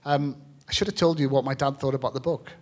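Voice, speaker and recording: Earnest halting man from England. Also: mid-range voice, fairly even intonation. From Lake District, England. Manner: halting, earnest, emotional storytelling with many fillers. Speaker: author and shepherd guest speaker. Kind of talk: public talk with reading and Q&A. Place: stage at a live festival event.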